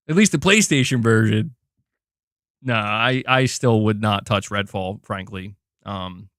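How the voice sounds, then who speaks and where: A young man hosting a casual live stream, excitedly thanking members and chatting while doing curls. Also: medium pitch, moderate pace, pauses often, dry recording, studio quality. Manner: excitable, reads out member gifts, chats while exercising. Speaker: livestream host.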